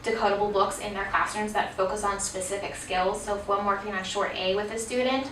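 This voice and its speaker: A woman leads a teacher workshop, walking through a reading lesson patiently and dropping in frequent ums. Her voice is bright and sharp. It reaches the mic from across an echoey room. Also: medium pitch, fairly even intonation, fairly quick, recorded from a distance, slight background noise. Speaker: reading instruction presenter.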